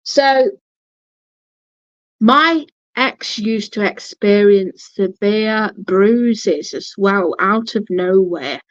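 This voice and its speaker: A woman's voice: medium pitch, extremely slow, dry recording. A woman vlogger telling a personal story casually, blunt and swearing, often restarting her sentences. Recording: dull lo-fi, dry sound.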